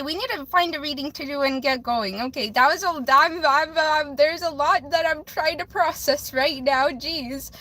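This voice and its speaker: A woman's voice: high-pitched, bright, forceful tone. A woman hosting a livestream, talking in a rambling, emotional way, restarting sentences and saying "flip" instead of swearing. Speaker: livestream host doing readings for viewers. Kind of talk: emotional casual livestream talk.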